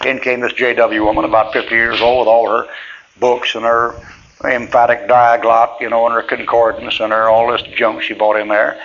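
A middle-aged preacher talks at a moderate pace in a medium-pitched, slightly bright voice with a flat delivery, recounting church stories in a folksy, plainspoken way and chuckling often. The lo-fi tape is dull with faint hiss.

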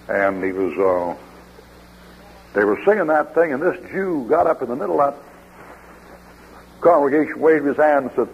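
Folksy preacher on old radio. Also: male voice, mid-range voice, expressive, moderate pace, gravelly, long pauses, slight background noise. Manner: folksy storytelling, reading scripture aloud. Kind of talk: sermon. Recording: dull lo-fi old radio broadcast.

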